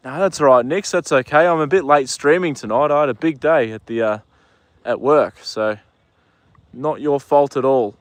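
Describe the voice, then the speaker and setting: A man's voice: medium pitch, normal speed, dry recording. Easygoing Australian man chatting outdoors. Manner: easygoing, chats to his horse and reads viewer comments. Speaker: livestream host. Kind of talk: casual live-stream chat. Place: outdoors at a horse paddock.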